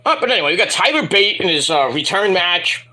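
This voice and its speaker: A man's voice: sits high, big pitch swings, brisk, sharp tone. A man reviewing a wrestling show in a casual, profane, rambling and jokey solo commentary.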